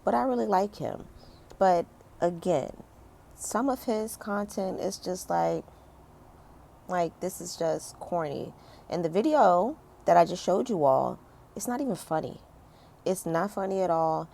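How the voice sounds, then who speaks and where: A woman's voice: on the low side, animated, unhurried, vocal fry, mellow, slight background noise. A woman in her thirties giving a casual opinion rant as a vlogger, chatty and emphatic, full of fillers. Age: 30s. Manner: conversational, lots of fillers, emphatic complaints. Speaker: commentary vlogger.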